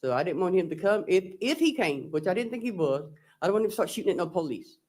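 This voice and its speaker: A woman's voice: fairly low pitch, big pitch swings, fast, darkish tone. A woman on the witness stand in a courtroom, recounting text messages and quoting both sides. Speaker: defendant testifying. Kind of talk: courtroom testimony.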